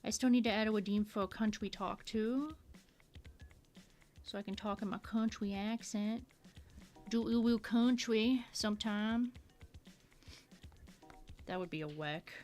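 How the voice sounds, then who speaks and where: A woman's voice: mid-range voice, unhurried, long pauses, darkish tone, faint music behind, natural voice. A woman streamer putting on a sweet, playful uwu baby-talk voice, lisping and drawing out her words as she chats while drawing. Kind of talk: casual live-stream chat while drawing.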